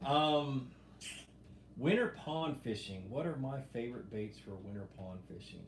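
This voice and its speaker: A middle-aged man chats casually through a live stream, reading out viewer questions and rambling through his answers. His voice sits in a roomy, echoing space with a faint steady hum behind it. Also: medium pitch, a little slow. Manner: relaxed, rambling, reads viewer questions aloud. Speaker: fishing show host answering live chat. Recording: echoey room with faint background hum.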